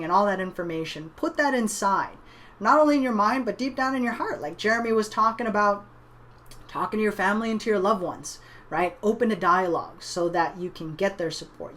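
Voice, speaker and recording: Brisk and fairly bright at a medium pitch, a woman recounts a motivational story. She's an online business trainer, and her conversational delivery is full of "right?" and "you know."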